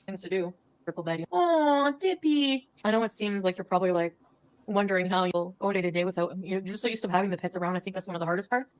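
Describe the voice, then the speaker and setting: A woman from Canada chatting casually on a livestream, reading viewers' comments and answering them softly. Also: lowish voice, fairly even intonation, rapid-fire, rough recording. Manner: soft, sympathetic, reads out viewer names. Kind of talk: casual live-stream chat.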